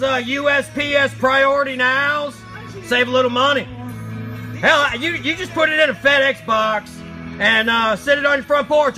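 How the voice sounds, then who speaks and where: A man hosting a live stream, reading chat and ranting loudly with crude jokes and roars. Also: very high-pitched, rough recording. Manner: loud shouting, crude and jokey, often roaring. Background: faint music playing.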